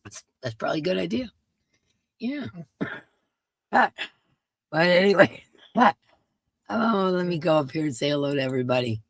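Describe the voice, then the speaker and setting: Congested woman with a creaky voice. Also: sits low, moderate pace, pauses often, no echo. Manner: chatty, greets viewers one by one. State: congested, stuffy nose. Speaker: live stream host. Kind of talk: casual chat with viewers.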